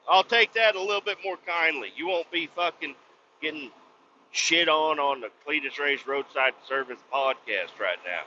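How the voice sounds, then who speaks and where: Bright-voiced swearing man on a rant. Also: mid-range voice, expressive, moderate pace, a little hiss or hum. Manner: blunt, swearing, loud outbursts. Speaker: podcast host. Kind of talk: profane comic rant. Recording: slightly dull lo-fi recording.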